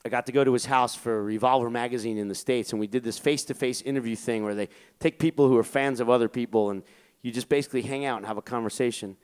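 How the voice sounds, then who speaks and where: A man's voice: medium pitch, fairly even intonation, quick pace, a little mellow, smooth. A man casually telling a long personal story as an interview guest, rambling with lots of fillers and swearing. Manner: profane, rambling, filler-heavy.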